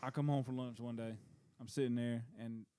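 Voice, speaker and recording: A man's voice: medium pitch, steady tone, brisk, dark tone, clear, resonant tone. A man in casual chat, blunt and joking.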